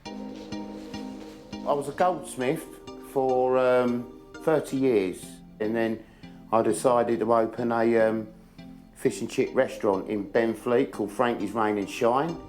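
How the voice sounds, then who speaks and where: A man's voice: mid-range voice, fairly even intonation, takes it slowly, long pauses, a little mellow, soft background music. An older man who runs a bar, talking in a brash, showy way and swearing freely. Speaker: bar owner. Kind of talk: casual chat and banter.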